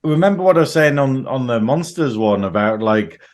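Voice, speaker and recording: A man co-hosting a casual film review podcast, animated, swearing casually and laughing often. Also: mid-range voice, normal speed. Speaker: podcast co-host.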